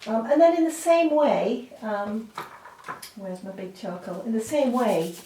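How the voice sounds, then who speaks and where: In a fairly high, unhurried voice, a woman art teacher talks through a drawing demonstration at the easel. She chats freely, using many fillers and apologetic asides, and the mic sits at a distance in an echoey room with faint noise.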